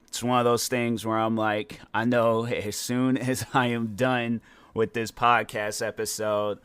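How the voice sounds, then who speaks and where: A man's voice: medium pitch, level tone, a little slow, fairly bright tone, clear, resonant tone, dry recording. A tired young man hosting his own podcast, talking casually and rambling, often stumbling over his words. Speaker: podcast host. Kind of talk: casual solo podcast monologue.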